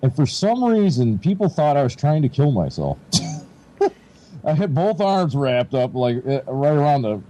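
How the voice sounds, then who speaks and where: A man co-hosting a casual talk show, spinning a long story with swearing and chuckles. His voice is mellow and dark, with lively pitch that jumps when he acts out other people's lines. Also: measured pace, low-quality recording. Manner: laid-back rambling storyteller, swears, laughs often, acts out quotes. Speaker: podcast co-host.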